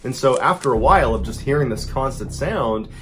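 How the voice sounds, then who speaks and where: A man narrating a true scary story, dropping to a hush for tense moments and rising high for panicked quotes. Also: animated, brisk, slight background noise.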